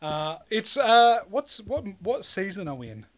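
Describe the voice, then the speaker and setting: A man's voice: high-pitched, sing-song, a little slow, fairly bright tone, no echo. A man, co-hosting a casual podcast chat in a laid-back, swearing manner. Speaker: podcast co-host.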